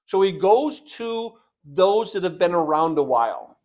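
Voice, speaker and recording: A man preaching a sermon, reading scripture aloud and commenting on it with sudden loud bursts of emphasis. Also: high voice, unhurried. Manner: expressive preaching, bursts loud on key points.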